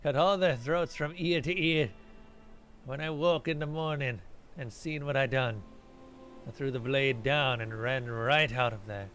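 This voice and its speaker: A man's voice: medium pitch, a little slow, a bit bright, soft background music, lightly acted. A man voicing a boastful old pirate ghost. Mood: grim, boastful. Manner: salty pirate talk with "matey" and "me crew". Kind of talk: reading game dialogue aloud in character.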